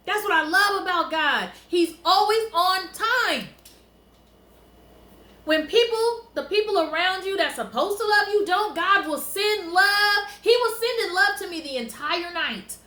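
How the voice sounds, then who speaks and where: A woman casually telling a personal story to camera, animated and emotional, laughing often. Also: very high-pitched, unhurried, echoey room.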